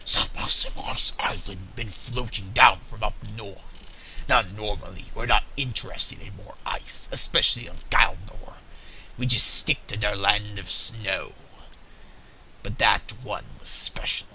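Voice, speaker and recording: A man voicing a gruff little male snow imp in a video game, with slangy, ungrammatical speech and a breathy, half-whispered delivery. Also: lowish voice, measured pace, bright, forceful tone, slight background noise, voice pushed down, poor audio. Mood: grumbling. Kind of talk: game dialogue read aloud in character.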